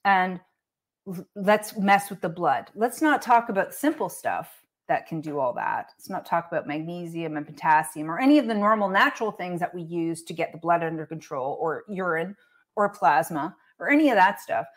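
A woman's voice: fairly low pitch, lively intonation, moderate pace. Blunt, sarcastic woman ranting. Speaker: online commentator. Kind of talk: ranting casual commentary.

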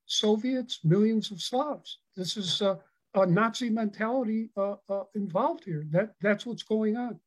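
A man answering as an expert guest in an interview, halting with many fillers but emphatic. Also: high-pitched, rough recording. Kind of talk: interview answers over a call.

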